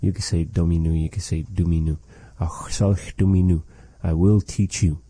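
A man teaching a language lesson, slowly and patiently saying phrases and explaining what they mean. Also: low-pitched, steady tone, warm tone, husky, dry recording. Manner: repeats phrases slowly and explains them carefully.

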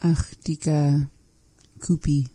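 A woman learning a language in a casual lesson, repeating phrases slowly and thinking aloud. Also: deep voice, level tone, mellow, slightly rough, no echo.

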